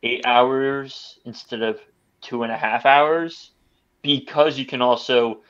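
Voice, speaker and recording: Male podcast guest, mid pitch, rambles with restarts, muffled lo-fi sound. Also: fairly even intonation, slow, fairly bright tone. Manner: rambling, many restarts and stammers. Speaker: film reviewer. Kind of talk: casual podcast chat. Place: podcast studio.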